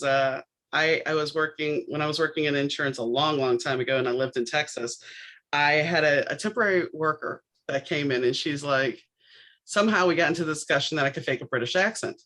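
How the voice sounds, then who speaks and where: In a low-pitched, fairly bright voice and a brisk pace, a middle-aged podcast host from New Orleans, USA, shares casual conversational stories. She performs the voices of the people she quotes, over a rough recording.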